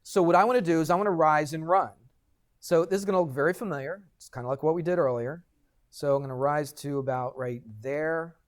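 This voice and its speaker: Animated middle-aged male math teacher. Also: a little high, fairly quick. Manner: animated, addresses students directly with frequent "right?". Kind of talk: classroom storytelling and lecture. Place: classroom.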